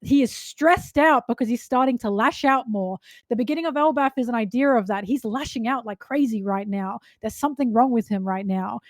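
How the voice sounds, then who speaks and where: A woman's voice: fairly high pitch, fairly quick, hardly any pauses, dry recording, clean studio sound. A woman co-hosting a casual fan chat, talking animatedly and emphatically with frequent laughs. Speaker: podcast co-host.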